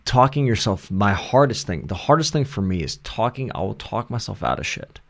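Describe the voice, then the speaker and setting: A man co-hosting a podcast, talking in a reflective, halting way with frequent restarts. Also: lowish voice, big pitch swings. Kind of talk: casual podcast chat.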